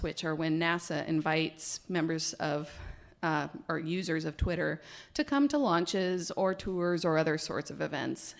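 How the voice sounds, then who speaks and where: A woman biologist telling a personal story live on stage, animated and laughing, with hesitations and fillers. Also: low voice, creaky.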